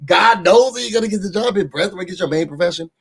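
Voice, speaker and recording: A man's voice: sits high, animated, fast, slightly rough. Sassy young man recapping a show. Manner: sassy, gossipy, talks straight to viewers. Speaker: show reviewer. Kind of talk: casual recap commentary. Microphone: desk microphone.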